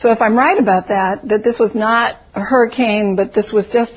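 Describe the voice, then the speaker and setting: A woman's voice: fairly high pitch, steady tone, brisk, slightly rough. A woman leading a conversational Bible study, reflective and full of rhetorical questions. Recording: tinny phone-like audio.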